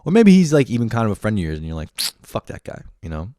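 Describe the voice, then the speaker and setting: A man's voice: on the low side, huge pitch swings, very fast, mellow, no room sound, studio quality. A man in his late twenties hosting a podcast, rambling through a casual, profane and self-mocking monologue. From Canada. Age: late 20s. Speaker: podcast host.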